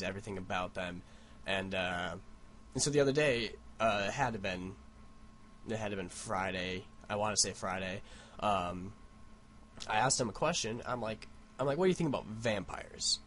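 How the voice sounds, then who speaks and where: A man's voice: fairly low pitch, a bit bright, slight background noise. A young man vlogging at home, telling a rambling, profane story into his computer mic. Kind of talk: casual rant.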